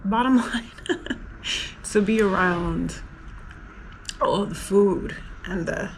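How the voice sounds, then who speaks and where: A woman's voice: mid-range voice, slow pace, a little hiss or hum, rough recording. Chatty New woman vlogger. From New York, USA. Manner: emotional, rambling, lots of "like" fillers. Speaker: travel vlogger. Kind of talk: casual personal vlog.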